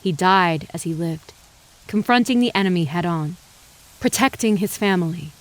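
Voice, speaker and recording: Lady narrating as old west preacher, kind, slow solemn sermon voice. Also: lowish voice, natural voice. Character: kindly older male frontier preacher.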